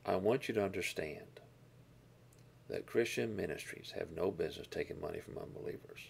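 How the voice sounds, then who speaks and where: A man teaching a Bible lesson, explaining verses and Greek words with deliberate emphasis on key words. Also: low voice, creaky, darkish tone, slight background noise.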